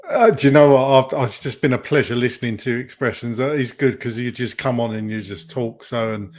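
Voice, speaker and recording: A man co-hosting a fan podcast, rambling and halting as he heaps on praise. His voice sits at an ordinary mid pitch. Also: fairly even intonation, darkish tone. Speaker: podcast co-host. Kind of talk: casual chat.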